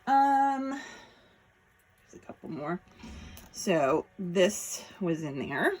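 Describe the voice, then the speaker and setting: A woman's voice: low-pitched, slow, husky. A woman chatting casually as she shows off jewelry pieces one by one, admiring each as she handles it. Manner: chatty, admiring, talks while handling items. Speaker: jewelry seller showing auction finds. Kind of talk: casual show-and-tell chat.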